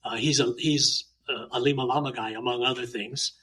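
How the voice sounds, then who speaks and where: A man from Hawaii, a martial arts teacher, chatting in an interview and telling lively anecdotes with frequent uh fillers. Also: medium pitch, brisk, breathy edge, rough recording. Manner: animated, talkative anecdotes with many uh fillers. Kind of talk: casual interview storytelling.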